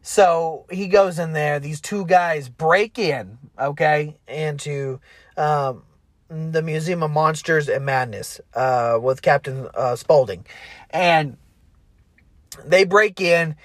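A man's voice: on the high side, no echo, studio quality. A young man casually retelling a movie he loves, rambling with many fillers and restarts and swearing freely. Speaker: movie fan retelling a film.

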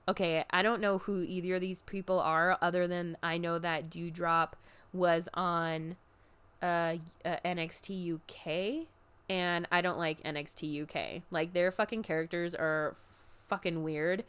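A woman recapping a show in casual chat, animated and expressive, swearing freely and jumping up in pitch when excited. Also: unhurried, clear, resonant tone. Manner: jumps high in pitch when excited, drops low for asides.

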